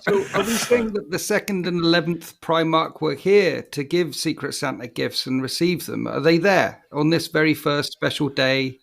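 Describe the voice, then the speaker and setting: Gravelly, higher-pitched man. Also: normal speed, hardly any pauses, a bit bright. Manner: dry teasing questions. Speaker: podcast guest. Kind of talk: casual chat.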